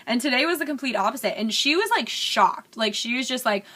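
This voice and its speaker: A woman's voice: fairly high pitch, lively intonation, brisk, pushed and bright. A young woman chatting candidly while doing her makeup in a get-ready-with-me vlog, rambling and full of fillers. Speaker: beauty vlogger.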